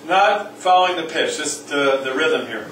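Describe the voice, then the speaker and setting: A man's voice: a little high, animated, moderate pace, fairly bright tone, far from the mic, slight background noise. A man teaching a music class, joking with students and coaxing them to sing rhythms. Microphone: far from the mic. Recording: echoey room recorded from afar.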